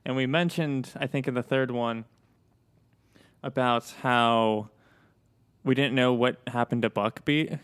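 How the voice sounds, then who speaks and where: A man's voice: medium pitch, steady tone, measured pace, pauses often, a bit bright, clear, resonant tone, no room sound, clean studio sound. A man co-hosting a podcast in casual chat, joking and swearing freely. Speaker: podcast co-host and editor.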